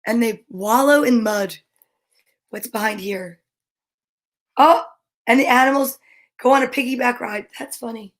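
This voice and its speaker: A woman reading picture books aloud for young children in a casual, chatty way, stopping to comment cheerfully between pages and slowing to a lilting rhythm for rhyming verse. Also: a little high. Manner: slows down and lilts when reading verse.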